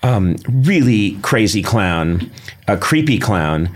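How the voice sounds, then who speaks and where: A man with a lowish, husky voice hosts a podcast from his studio. He chats loosely, wanders through stories and laughs easily. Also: very animated, takes it slowly. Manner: chatty, rambling, laughs often. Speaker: podcast host. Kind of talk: casual interview chat.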